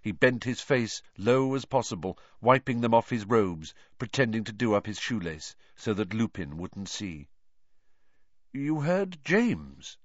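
A man reading a novel aloud as an audiobook narrator, with expressive delivery. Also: fairly low pitch, moderate pace, few pauses, no room sound, lo-fi sound.

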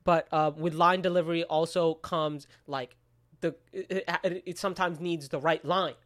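A man's voice: a little high, steady tone, normal speed, a bit bright. A young man co-hosting a casual podcast, rambling with many fillers and swearing freely. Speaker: podcast co-host and writer. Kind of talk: casual chat.

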